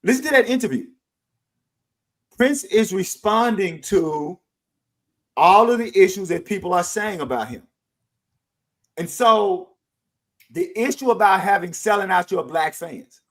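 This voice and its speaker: Brief: middle-aged male podcast co-host with a high voice, forceful and insistent, stacking restarts as he argues. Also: a little slow, pauses often, rough recording. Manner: emphatic, animated, repeats words while building a point. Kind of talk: casual discussion.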